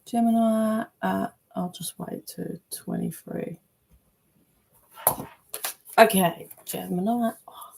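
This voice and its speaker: A woman giving a casual, chatty tarot reading, animated, with loose language and playful asides. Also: mid-range voice, slow pace, gravelly, pauses often, slight background noise. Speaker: tarot reader.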